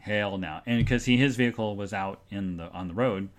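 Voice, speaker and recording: This live podcast host has a fairly low voice and a moderate pace. He rambles casually, reads listener chat comments out loud, and makes mock-sarcastic plugs for the show.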